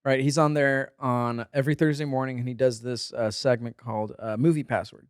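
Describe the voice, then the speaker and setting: A man's voice: medium pitch, brisk, clear, resonant tone, dry recording, clean studio sound. A man co-hosting a casual podcast, an actor and comedian who tells stories loosely and acts out what other people said. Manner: animated storyteller, acts out quoted voices. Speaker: podcast co-host. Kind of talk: casual chat, storytelling.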